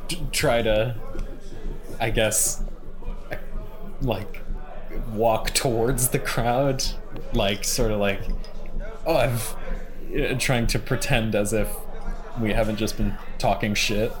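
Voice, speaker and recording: A man's voice: on the low side, steady tone, slow, long pauses, a crowd in the background, poor audio. A man playing in a tabletop game, hesitant and full of fillers. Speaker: player. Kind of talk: casual tabletop play.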